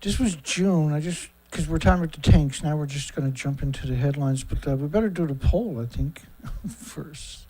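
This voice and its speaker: A middle-aged man hosts a daily news livestream in a loose, rambling style full of asides. His voice sits a little on the high side, and he is blunt and sarcastic, swearing freely. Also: normal speed, hardly any pauses, dark tone. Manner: rambling with frequent fillers and asides. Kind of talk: casual livestream commentary.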